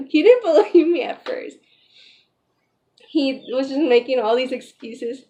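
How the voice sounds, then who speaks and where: A woman's voice: high voice, a little slow, warm tone, muffled recording. A young pregnant woman chatting in a casual vlog, retelling a story emotionally with lots of "like" and "you know". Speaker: vlogger.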